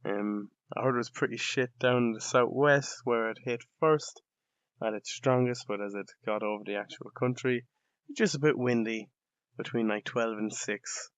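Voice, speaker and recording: A man's voice: medium pitch, fairly even intonation, moderate pace, smooth, no room sound. A young Irish man hosting a podcast, speaking in a casual, sardonic and rambling comedic monologue full of swearing. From Ireland. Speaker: podcast host. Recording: dull lo-fi dry recording.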